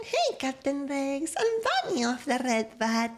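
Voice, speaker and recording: A woman's voice: high-pitched, wildly swooping pitch, unhurried, very noisy. Playful young woman streamer. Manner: playful, greets chat by name. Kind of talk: casual live-stream chat.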